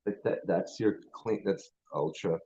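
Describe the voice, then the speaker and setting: A man's voice: deep voice, unhurried, mellow, slightly rough, muffled recording. A man hosting his channel, ranting in a rambling, profane way with lots of restarts. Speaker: channel host. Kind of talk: casual livestream rant.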